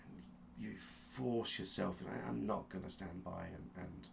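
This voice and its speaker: Game master, male, deep and gravelly, slow suspenseful narration with restarts. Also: background noise. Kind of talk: dramatic second-person narration of a tabletop game.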